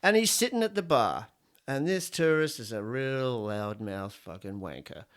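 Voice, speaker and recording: A middle-aged Australian man hosts a solo podcast, rambling through jokes and opinions with plenty of swearing in a crude way. His mid-range voice is very animated and moves at normal speed.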